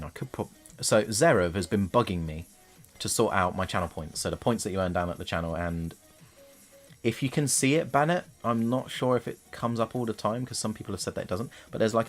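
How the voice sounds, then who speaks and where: A man's voice: sits low, soft background music. A man, casually chatting and laughing on a live stream while painting miniatures. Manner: chatty and playful, quick to laugh.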